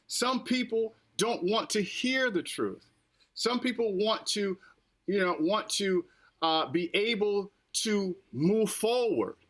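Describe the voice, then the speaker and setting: A man's voice: high-pitched, animated, takes it slowly, a bit bright. An American man hosting a podcast who lectures his listeners in a repetitive, preachy way. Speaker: podcast host. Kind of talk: casual political podcast talk.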